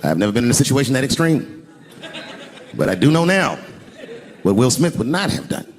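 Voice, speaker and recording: An older man telling a profane, animated stand-up story on an arena stage, acting out voices as the crowd laughs. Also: mid-range voice, fairly quick. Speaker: stand-up comedian. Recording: live arena recording with crowd noise. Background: crowd laughing and cheering.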